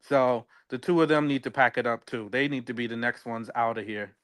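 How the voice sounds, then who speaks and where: A man's voice: medium pitch, fairly quick, fairly bright tone, clear, resonant tone. A man co-hosting a podcast, chatting casually about a reality show, rambling and searching for words with many fillers. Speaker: podcast co-host.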